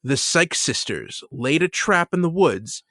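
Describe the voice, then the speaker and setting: A man's voice: a little high, big pitch swings, a little slow, fairly bright tone, no echo, clean studio sound. A man co-hosting a podcast in casual chat, rambling with many restarts and laughs. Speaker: podcast co-host.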